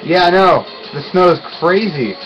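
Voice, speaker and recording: A young man giving casual let's-play commentary, excitable and quick to yelp and groan when he fails. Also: sits high, highs cut off, soft background music. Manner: excitable, yelps and groans at failures. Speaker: gaming YouTuber.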